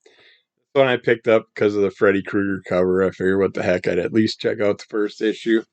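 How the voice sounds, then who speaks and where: A man reviewing comic books in a casual, rambling monologue, his voice scratchy from the morning and his throat needing clearing. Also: lowish voice, fairly quick, dry recording. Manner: rambling, relaxed, trails off mid-sentence.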